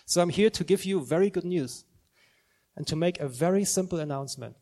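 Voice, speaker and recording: A man's voice: a little high, a little fast, dark tone. A man preaching a sermon in church, earnest and growing fervent as he proclaims.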